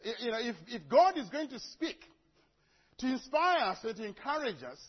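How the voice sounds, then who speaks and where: A man from Africa delivers a sermon in a church, spinning lively stories and humorous asides. His voice sits very high for a man and has a husky grain. The recording sounds dull and lo-fi. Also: moderate pace. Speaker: preacher. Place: church before a congregation.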